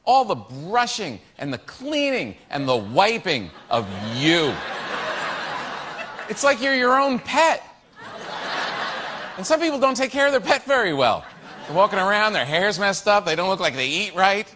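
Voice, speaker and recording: A man's voice: high voice, very animated, a little slow, noisy background. A man telling wry observational stand-up jokes. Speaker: stand-up comedian.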